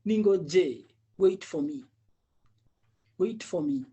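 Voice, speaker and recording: A man's voice: high voice, expressive, slow pace, dark tone. A man teaching Swahili, patiently drilling each word many times and chuckling often. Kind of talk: language lesson drilling.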